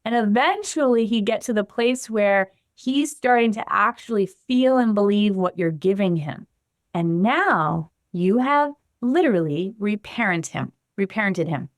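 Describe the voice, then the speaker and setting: A woman guest on a podcast explaining her practice in an animated way, acting out the voices of the people in her examples. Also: medium pitch, unhurried, no echo, studio quality. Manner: animated, acts out the quotes she gives. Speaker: guest, somatic trauma practitioner.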